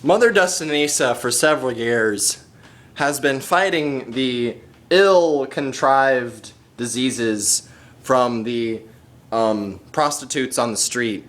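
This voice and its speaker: A man's voice: medium pitch, takes it slowly, a bit bright. A man goofing around as the host of a made-up show, rambling and giggling while he keeps sneezing. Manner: silly, giggly, rambling announcer voice. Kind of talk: goofy improvised chat.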